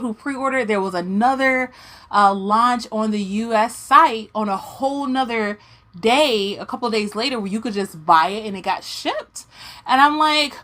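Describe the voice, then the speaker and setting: A woman's voice: medium pitch, a bit bright. A young woman vlogging about doll collecting, telling a long story in a casual rant and acting out her own confused reactions.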